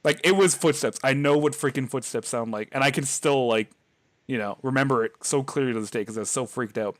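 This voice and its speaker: A podcast host with a mid-range, fairly quick voice recounts a scary story from his childhood, with no echo in the recording. He tells it in a rambling, casual way, full of fillers and laughter.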